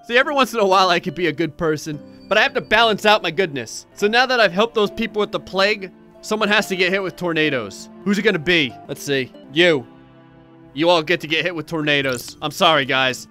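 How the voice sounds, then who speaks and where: A man giving jokey, excitable commentary while playing a god game in VR. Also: high-pitched, brisk, soft background music. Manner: jokey, excitable, mock-godlike. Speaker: gameplay commentator. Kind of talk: playful VR gameplay commentary.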